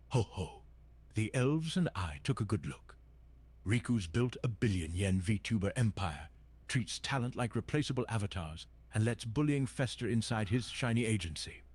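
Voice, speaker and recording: A machine voice doing a husky, lively old Santa. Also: male voice, medium pitch, normal speed. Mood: jolly. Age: older. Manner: cheery, rhyming holiday wordplay. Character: jolly old male Santa Claus chatbot.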